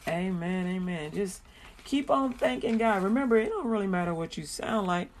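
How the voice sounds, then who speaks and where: A woman hosts a Christian radio show. She stretches out slow, heartfelt prayers, then slips into easy, chatty talk with plenty of laughter. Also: a little high, animated. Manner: chatty, laughs often, drawn-out prayer phrases.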